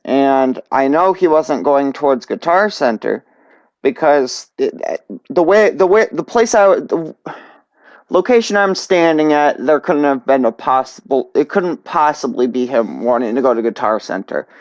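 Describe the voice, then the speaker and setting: A young man tells a story in a casual, stumbling way, full of fillers and restarts. His voice sits at an ordinary middle pitch. The recording is dull and lo-fi, close and dry with no room sound. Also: lively intonation, no room sound. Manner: halting, many restarts and fillers.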